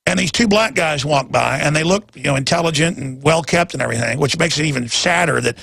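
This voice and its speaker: Gravelly ranting talk radio host. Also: male voice, a little high, quick pace. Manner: ranting, rambling, with sudden loud emphatic jumps.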